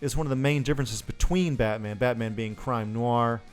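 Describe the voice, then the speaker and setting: Smooth-voiced laid-back podcast co-host. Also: male voice, medium pitch, normal speed, soft background music. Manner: loose and swearing, laughs often. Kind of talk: casual chat.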